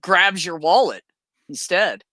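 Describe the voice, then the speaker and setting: A woman chats as a guest, telling stories in an animated way and laughing often. Her voice is bright with a lively pitch, recorded dry and close. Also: takes it slowly, no room sound. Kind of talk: casual storytelling.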